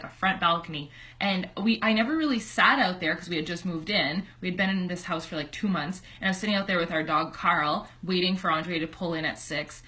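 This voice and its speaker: A young woman chatty and heartfelt, bright-toned. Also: fairly low pitch. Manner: chatty, heartfelt, many "like" fillers. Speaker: online fitness coach. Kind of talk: casual personal storytelling to camera. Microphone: computer webcam.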